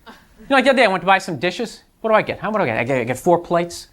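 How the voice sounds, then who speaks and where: A man's voice: sits high, sing-song, racing, a bit bright. A man doing a stand-up routine before a live audience, ranting in a frustrated, exasperated way. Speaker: stand-up comedian. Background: audience laughter.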